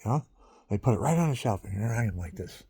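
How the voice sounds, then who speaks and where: Gravelly low-voiced man rambling. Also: animated, fast, warm tone, dry recording, clean studio sound. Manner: rambling, drifting between stories, chuckling often. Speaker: monologuist recording himself. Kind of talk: rambling casual monologue.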